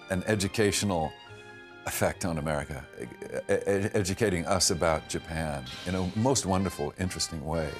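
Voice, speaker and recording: An older man, an actor, thoughtfully recalling his work in a reflective interview, speaking in a measured way with restarts and pauses. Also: low voice. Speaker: actor recalling a past production.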